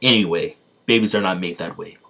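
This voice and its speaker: A man's voice: deep voice, brisk, gravelly, noisy background. A man reading as a stern ninja warlord.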